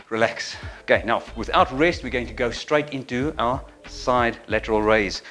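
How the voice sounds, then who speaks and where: A man's voice: medium pitch, moderate pace, hardly any pauses, a bit bright. A middle-aged man coaching an exercise routine, counting reps and breathing audibly, a little out of breath during the sets. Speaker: fitness instructor. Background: faint music.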